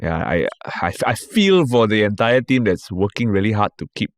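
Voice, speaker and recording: A man in his thirties with a Singaporean accent, a stand-up comedian telling a story in a casual podcast chat with slangy, animated delivery. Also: lowish voice, moderate pace, dry recording. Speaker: stand-up comedian, guest host.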